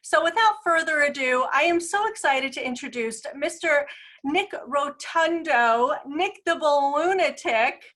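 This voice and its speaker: Bright, high-voiced enthusiastic woman host. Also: expressive, a little slow, reverberant, distant mic, poor audio. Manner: enthusiastic, laughs often. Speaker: talk show host. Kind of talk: upbeat interview.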